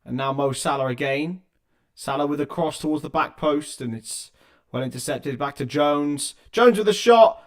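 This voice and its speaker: This young male watchalong host narrates football action live, chatting with his audience along the way. His mid-range voice holds fairly even intonation at a moderate pace, heard through a laptop's built-in mic.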